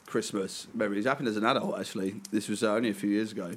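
A man's voice: lowish voice, steady tone, racing, slight background noise. A man around thirty, telling a laughing, sweary anecdote in casual chat among friends.

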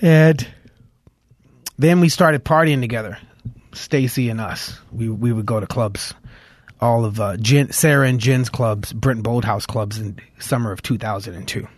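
A man's voice: mid-range voice, measured pace, no room sound. A man from Los Angeles, a musician guest, telling stories in a casual interview, with lots of fillers and restarts. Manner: rambling storytelling with many fillers.

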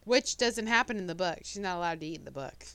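A woman's voice: on the low side, lively intonation, fast talker, a bit bright, clear, resonant tone, dry recording. A woman co-hosting a podcast, chiming into a movie review with short, wry, sarcastic remarks. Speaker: podcast co-host. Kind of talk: casual movie review chat.

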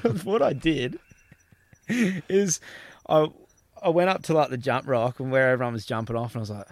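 Animated Australian man telling stories. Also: mid-range voice, fairly quick, dry recording. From Australia, Gold Coast. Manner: animated, swears casually, acts out quoted voices. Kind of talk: casual storytelling chat.

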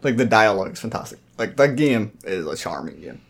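A man's voice: on the low side, sing-song, fairly quick, gravelly, slightly rough. A man co-hosting a casual gaming podcast, blunt and opinionated, swearing as he argues his picks. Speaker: podcast co-host.

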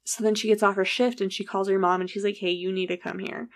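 Speaking in a mid-range voice and talking fast, a woman casually recounts a true story. She's animated, acting out what people said and swearing freely.

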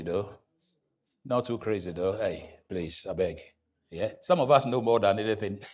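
A male pastor preaching a sermon in church, joking with the congregation and breaking into sudden loud rises. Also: on the low side.

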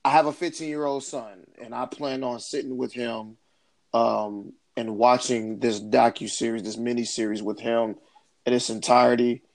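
Gravelly, easygoing man hosting a podcast. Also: medium pitch, little pitch movement, moderate pace. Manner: rambling, hesitant, with many fillers. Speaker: podcast host. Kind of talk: casual podcast chat.

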